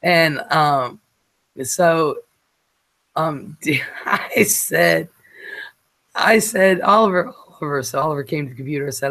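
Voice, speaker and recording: A man hosting a late-night casual chat show, rambling and halting with fillers as he talks. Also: on the high side, vocal fry, pushed and bright. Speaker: show host.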